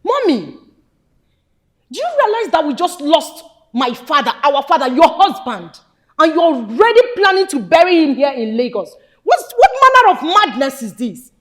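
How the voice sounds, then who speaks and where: A high, lively voice belongs to a woman playing a Nigerian daughter in a film drama. She scolds her family sharply and with indignation, her pitch leaping as she speaks. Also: normal speed. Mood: furious.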